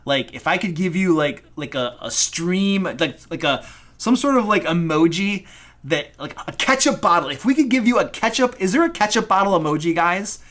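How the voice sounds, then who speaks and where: A man from Michigan with a Michigan accent, hosting a casual live stream as a dungeon master, excitable, goofy and self-deprecating. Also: high-pitched, normal speed. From Michigan, USA. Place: home room.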